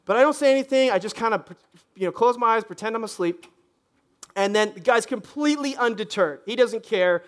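A pastor preaching a lively sermon, joking and acting out people's voices as he goes. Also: high voice, fairly quick. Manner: animated, joking, acts out congregants' voices. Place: church stage.

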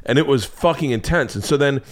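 A man in his forties hosting a podcast, telling a comic story in a casual, profane, animated way. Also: mid-range voice, fairly quick. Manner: animated, profane, acts out other people's lines. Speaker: podcast host.

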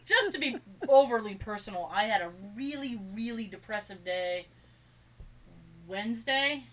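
A woman's voice: a little high, animated, moderate pace, fairly bright tone, distant mic, slight background noise, low-quality recording. A woman co-hosting a podcast, telling rambling stories in casual chat and acting out the quotes. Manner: rambling storyteller, acts out quotes, laughs often. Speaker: podcast co-host.

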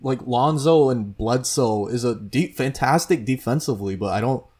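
A man co-hosting a casual sports podcast who states his predictions with confidence and is quick to challenge his partner. His voice sits at an ordinary, middle pitch for a man. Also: darkish tone, slightly rough. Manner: confident, opinionated, quick to push back. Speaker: podcast co-host.

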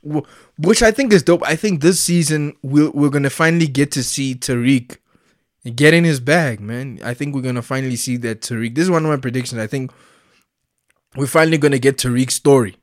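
A man chatting casually as a vlogger, excitable and slangy, laughing often. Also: medium pitch, normal speed, no echo, studio quality. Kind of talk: casual chat.

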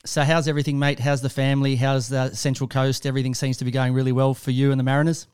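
An Australian man hosts sports talk radio, speaking in a smooth, clear voice. His pitch sits in the middle, and he keeps things upbeat and chatty with friendly banter. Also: little pitch movement, fast talker, darkish tone.

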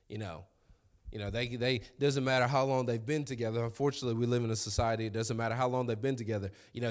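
A young man, preaching a sermon in a conversational, storytelling way with asides to the congregation. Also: medium pitch. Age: young adult.

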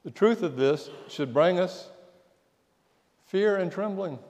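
Guy preaching a sermon, kinda high voice, tells stories and goes real quiet on the big lines, echoey church. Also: lively intonation, takes it slowly. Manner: storytelling, dropping to a hush at key lines. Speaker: pastor. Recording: long church reverb.

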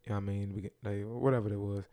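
A man's voice: on the low side, little pitch movement, very fast, warm tone, dry recording. A man co-hosting a podcast, laid-back and profane, often saying "you know what I mean". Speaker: podcast co-host. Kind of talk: casual chat.

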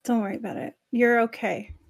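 A woman player at a tabletop game speaks in a hesitant, reassuring way. Her voice sits somewhat high for a woman. She falters with small fillers as she talks. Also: fairly even intonation, brisk, creaky.

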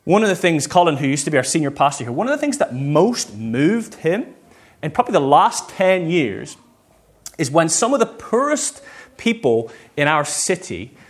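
Male pastor in his thirties, husky tone, fairly high voice; animated sermon delivery that calls for amens.

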